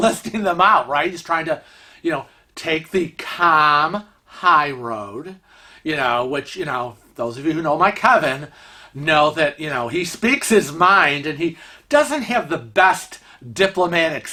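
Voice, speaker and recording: A man's voice: fairly high pitch, expressive, unhurried, pushed and bright. A man casually telling a travel story on his vlog, chatty and full of fillers, laughing now and then.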